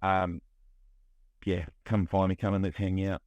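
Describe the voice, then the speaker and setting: Low-voiced New man, candid. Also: little pitch movement, a little slow, a little mellow, dry recording. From New Zealand. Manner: candid, restless, heavy on fillers and restarts. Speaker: guest, music producer. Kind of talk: casual podcast conversation.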